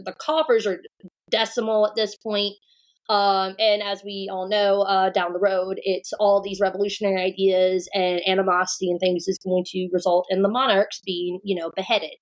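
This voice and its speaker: Sex: woman. Role: chatty podcast co-host. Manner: rambling. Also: mid-range voice. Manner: rambling, animated, with frequent fillers. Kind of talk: casual discussion.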